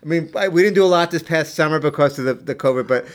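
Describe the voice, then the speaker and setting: A man's voice: fairly high pitch, quick pace. Laughing man with stumbling restarts. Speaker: podcast co-host. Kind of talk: casual chat.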